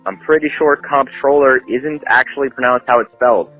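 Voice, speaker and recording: A man's voice: medium pitch, a little fast, narrow, tinny audio, soft background music. A man leaving a matter-of-fact voicemail to correct the host's pronunciation. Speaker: caller. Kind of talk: casual voicemail. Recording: phone voicemail.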